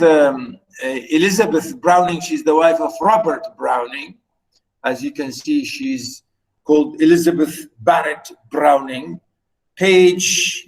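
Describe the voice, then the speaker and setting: A high-pitched man lectures on poetry over a video call, unhurried and halting, full of fillers and restarts. He lingers over verse lines with fond, slow reading. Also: low-quality recording. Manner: reads poetry slowly and fondly. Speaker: literature teacher. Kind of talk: online lecture.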